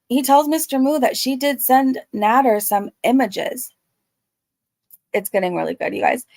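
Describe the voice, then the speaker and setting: Blunt woman commentator, casual recap, high and gravelly, dry close sound. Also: a little slow, darkish tone, no echo. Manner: blunt, swears freely. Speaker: YouTube commentator.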